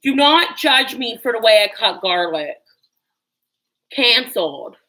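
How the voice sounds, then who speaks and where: Here a livestream cooking host speaks slowly in a slightly high, sing-song voice with a sharp edge, chatting as she cooks at home. Nervous and quick to put herself down, she yelps now and then, captured on a rough recording.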